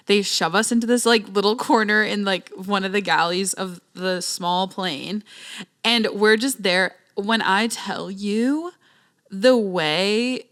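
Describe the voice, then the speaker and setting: A young woman hosting a podcast, telling a travel story in a chatty, slangy, animated way. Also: mid-range voice, a little slow. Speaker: podcast host. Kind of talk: casual storytelling.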